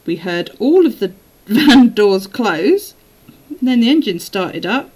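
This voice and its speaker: A woman's voice: a little high, very animated, slow, darkish tone, rough recording. A woman chatting casually on a live stream while journaling, telling stories and laughing often.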